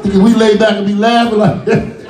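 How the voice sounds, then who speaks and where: Loud profane stand-up comic in a roomy club. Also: male voice, high voice, fairly quick, some chatter behind. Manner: loud, profane, animated, acts out characters. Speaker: stand-up comedian. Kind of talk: stand-up comedy set. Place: music cafe stage with live audience. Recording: roomy, distant live club recording.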